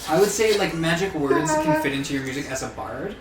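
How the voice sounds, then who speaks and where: A man's voice: a little high, wildly swooping pitch, brisk, echoey room, a crowd in the background. A man running a tabletop game as game master, talking hesitantly with many fillers and restarts.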